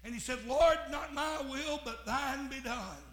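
A man preaches in a high, bright voice, taking his time over each phrase. He swings from hushed passages to fervent, shouted preaching. The sound carries the echo of a church room. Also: measured pace. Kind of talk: sermon.

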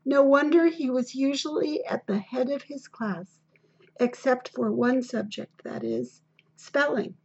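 A woman reads a children's story in a steady, deliberate way. Her voice sits high with a gravelly, husky grain, and she takes her time. The recording sounds dull and lo-fi. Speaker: narrator. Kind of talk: storybook reading.

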